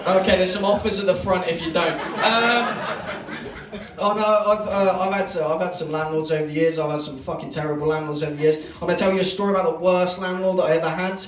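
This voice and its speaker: A young man performing a stand-up set in a comedy club, telling a swearing, deadpan story and teasing the crowd. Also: high-pitched, fast talker, noisy background. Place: comedy club stage, live audience. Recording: roomy club sound from a distance.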